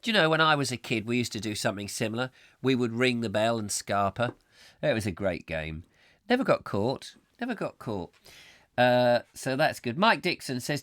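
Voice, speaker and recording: A man's voice: mid-range voice, lively intonation, normal speed, fairly bright tone, dry recording, clean studio sound. Rambling man hosting a chat show. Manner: rambling, chatty, easily exasperated. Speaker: host. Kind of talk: live casual chat show. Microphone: close microphone.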